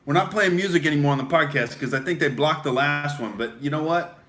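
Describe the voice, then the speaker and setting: A man's voice: fairly high pitch, fast talker. A young adult male comedian ranting in character on a satirical podcast, swaggering and swearing, always calling people "dude". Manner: pumped-up, beer-drinking rant. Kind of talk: satirical bro rant in character.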